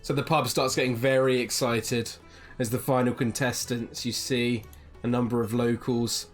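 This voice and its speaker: A man's voice: mid-range voice, level tone, moderate pace, soft background music. A man running a tabletop game as game master, narrating casually with lots of ums. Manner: casual, rambling with many ums.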